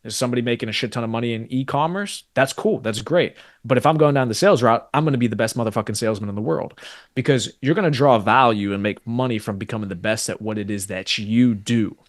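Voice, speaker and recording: A man's voice: mid-range voice, fast talker, dry recording, clean studio sound. A man co-hosting a live stream, giving fired-up, profane motivational business talk. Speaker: co-host.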